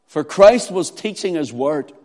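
A man preaching a sermon, rising from quiet prayer into loud, emphatic delivery. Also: a little high, animated, measured pace. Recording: long hall reverb.

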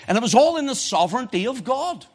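A man preaching a sermon, swinging from quiet, urgent asides to impassioned cries, quoting scripture in old-fashioned wording. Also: extremely high pitch, very animated, fast talker. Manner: archaic scripture quotations in King James wording.

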